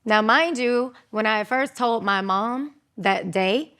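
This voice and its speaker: Animated woman telling her story. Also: slow pace. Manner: animated, acts out quotes with high voices. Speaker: guest. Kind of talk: candid storytelling interview.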